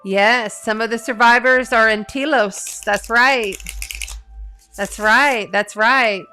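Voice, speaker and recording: A woman's voice: a little high, slow, sharp tone, smooth, soft background music. A middle-aged woman, an astrologer and tarot reader, chatting casually on a live stream, earnest and talkative with lots of fillers and restarts. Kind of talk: casual live-stream chat reading viewer comments.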